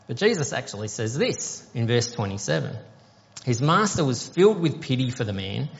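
A man preaching a sermon, explaining a parable conversationally and asking the congregation questions. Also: medium pitch. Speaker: pastor. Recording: dull sound with long hall reverb.

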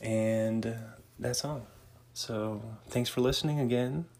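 A man's voice: medium pitch, takes it slowly, a little mellow. A man hosting a casual solo podcast, rambling and laid-back, laughing at his own jokes. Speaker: podcast host. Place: home sauna.

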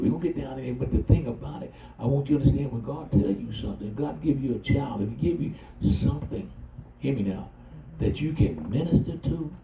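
A man's voice: medium pitch, vocal fry, warm tone. A middle-aged man preaching a sermon as pastor, folksy and humorous, inviting call and response. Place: church sanctuary. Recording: echoey church, distant mic, faint noise.

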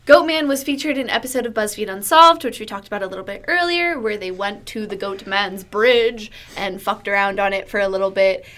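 A woman's voice: medium pitch, a little fast, hardly any pauses, a bit bright. A woman co-hosting a podcast, giggling and eagerly sharing facts from her research in casual chat. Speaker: podcast co-host.

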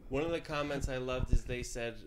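A man's voice: mid-range voice, fairly even intonation, a little fast. Dry, mocking man on a noisy recording. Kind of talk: crude casual banter.

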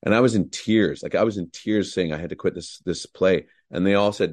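A man's voice: deep voice, fast talker, hardly any pauses, a little mellow. A middle-aged male actor, a guest, telling enthusiastic, rambling anecdotes full of fillers. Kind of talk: anecdotal storytelling.

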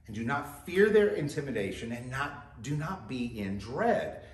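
A man's voice: mid-range voice, sing-song, measured pace, echoey room. A man preaching a sermon as pastor, talking conversationally and putting direct questions to his listeners.

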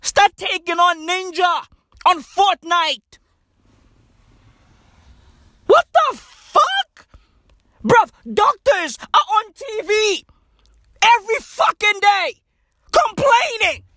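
A male comedian delivering a profane, slang-filled rant, jumping from loud outbursts to soft asides. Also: very high voice, slow, no echo. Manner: animated, swearing heavily, slang-filled, jumps between loud and soft.

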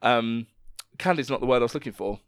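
Man, podcast co-host, casual storytelling, swears a lot, mid pitch, dry close sound. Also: brisk, clean tone, no echo. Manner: swears freely, acts out quotes.

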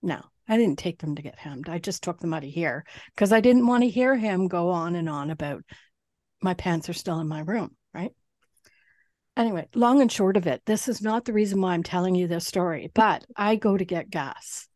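Woman podcast co-host, lively storyteller who does the other voices, close and dry. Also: lowish voice, normal speed, no echo. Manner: animated storyteller, swears, mimics others. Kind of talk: casual chat.

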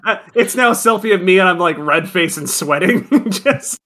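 A man's voice: high voice, animated, normal speed, pushed and bright. A man playing a tabletop game, explaining rules and laughing at his own turn. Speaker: player. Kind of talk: casual tabletop game play.

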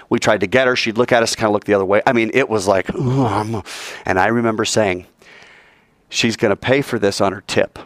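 A man's voice: on the low side, no room sound. A man teaching an informal Bible class as a sermon, telling stories and acting out the voices of the people in them. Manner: animated storyteller who acts out quoted voices.

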